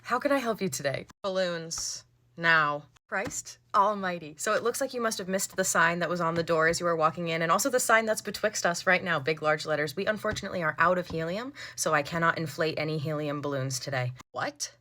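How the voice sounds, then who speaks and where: A woman's voice: fairly low pitch, quick pace, hardly any pauses, pushed and bright, no echo. A woman telling comedic storytimes about working as a store cashier, with a sarcastic, exasperated delivery.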